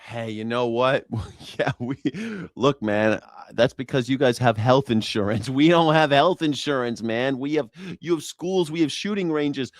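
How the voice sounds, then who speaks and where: A man hosts a call-in stream in loose, rambling talk and swears without a second thought. His voice sits at a middling pitch and is recorded dry and close, with no room sound. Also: normal speed, dry recording. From United States. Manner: rambling, swears freely, laughs often. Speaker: host of a call-in news reaction show. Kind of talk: casual, profane live-stream commentary.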